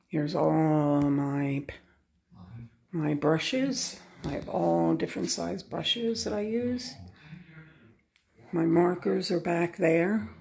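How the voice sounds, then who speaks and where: A woman giving a casual, unhurried tour of her home craft room, pointing things out one by one. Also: on the low side, vocal fry, warm tone.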